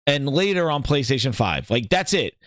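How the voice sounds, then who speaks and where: A man hosting a live gaming stream, reacting with loud laughter, swearing and repeating himself. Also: medium pitch, moderate pace, no echo, clean studio sound. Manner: excitable, laughing, profane, repetitive.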